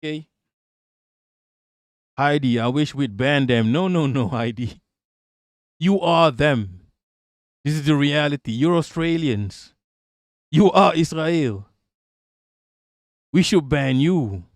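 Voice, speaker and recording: A man from Southeast Asia rants heatedly and profanely on a live stream, mocking as he goes. His voice sits a bit high for a man. The sound is dry and close, with no room echo. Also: slow, pauses often. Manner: profane, mocking, animated ranting with laughs. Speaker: live-stream political commentator.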